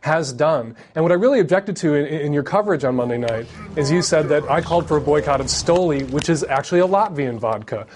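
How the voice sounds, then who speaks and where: A man's voice: a little high, quick pace, hardly any pauses, darkish tone. Assertive male interview guest. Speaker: columnist and activist guest. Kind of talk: TV interview, arguing a point.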